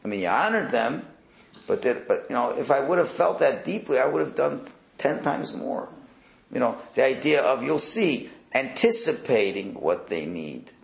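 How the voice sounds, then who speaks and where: Gravelly-voiced man teaching Talmud. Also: mid-range voice, very animated, normal speed, echoey room, rough recording. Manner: conversational, repeats and restarts, mixes Hebrew and Aramaic terms. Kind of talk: casual Talmud class.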